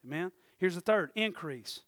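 Animated high-voiced preacher man. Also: normal speed, no echo, clean studio sound. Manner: animated storytelling preacher, swings from loud to hushed. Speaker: pastor. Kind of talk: sermon.

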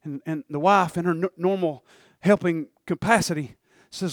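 A man preaching a sermon as pastor, swinging from soft asides to shouted calls of "Amen?". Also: on the high side, normal speed, no room sound.

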